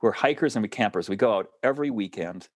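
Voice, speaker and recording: A man telling a personal story in casual chat, animated, laughing often and restarting his sentences. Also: lowish voice, fast talker, no room sound.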